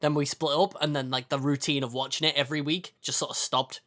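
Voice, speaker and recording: Young male co-host, easygoing and chatty, voice a bit on the high side. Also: fast. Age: young adult. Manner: relaxed, chatty, lots of "like" and "you know what I mean". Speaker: podcast co-host. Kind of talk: casual chat.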